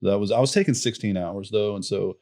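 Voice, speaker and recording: A man's voice: fairly low pitch, a little fast, a little mellow. A man, a worship pastor and podcast guest, telling a story in a rambling way with many restarts. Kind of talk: casual chat.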